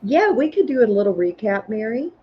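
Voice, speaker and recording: A woman's voice: on the high side, big pitch swings, brisk, dull audio, slight background noise. A woman hosting a live online sale, counting down bids and chiming in with short replies.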